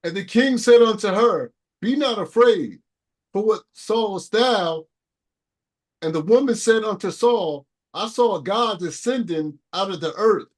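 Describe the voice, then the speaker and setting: A man reading archaic scripture aloud in a steady, plain manner during a Bible study. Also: high-pitched, measured pace. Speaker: scripture reader.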